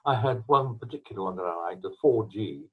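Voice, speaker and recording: An older English man with a husky voice, answering interview questions over a video call from home in a rambling, anecdotal way. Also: on the low side, lively intonation, fast, phone-quality sound. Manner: rambling, anecdotal, with restarts and coughs. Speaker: trombonist and mouthpiece maker, interviewee. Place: his home.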